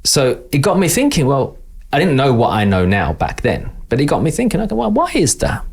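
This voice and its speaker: A man's voice: medium pitch, fairly quick, gravelly. A middle-aged man with an East London accent, a podcast guest talking casually and acting out the voices of people he quotes. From England. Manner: animated storyteller, acts out quoted voices. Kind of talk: casual interview talk.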